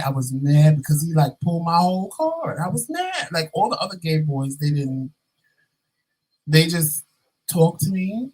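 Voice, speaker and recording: A man vlogging, telling a story in a casual, animated and sassy way with dramatic asides to his viewers. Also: fairly high pitch, husky, low-quality recording.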